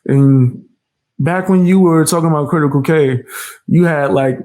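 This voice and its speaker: A man's voice: a little high, normal speed, mellow. A man hosting a reaction commentary, defiant and mocking, with casual slang and frequent laughs. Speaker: commentary channel host.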